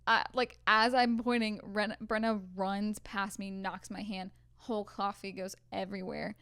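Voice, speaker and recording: A young woman co-hosting a podcast recounts stories from a film set in casual chat, sprinkling in lots of "like" fillers. Her medium-pitched voice is smooth and fairly bright, with little pitch movement, a measured pace, and no room sound.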